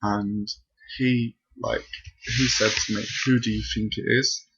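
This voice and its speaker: Casually telling a spooky personal story to camera from his bedroom, a young male vlogger rambles breathlessly and leans on fillers. His fairly low voice has a steady tone, measured pace, slight brightness, and a slightly rough texture, heard through a dull lo-fi home recording.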